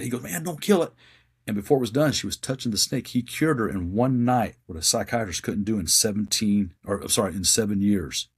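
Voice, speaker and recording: Man, low husky voice, forceful blunt talker who performs the quotes in his stories. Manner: emphatic, blunt convictions, acts out quoted voices. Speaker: guest working in a psychiatric hospital. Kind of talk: conversational storytelling.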